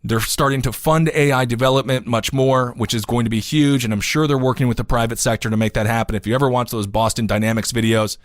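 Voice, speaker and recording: A man's voice: medium pitch, fairly even intonation, fast, hardly any pauses, no room sound, clean studio sound. A man co-hosting a casual political talk podcast, reading news aloud with jokey, rambling asides and getting worked up and emphatic. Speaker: podcast co-host. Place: home studio in New York City.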